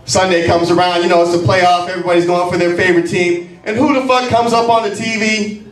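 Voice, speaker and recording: On a comedy club stage, a man in his forties delivers a brash, profane, mocking stand-up routine. His high voice holds a steady tone and runs a little fast. A distant mic picks him up with echoey club sound.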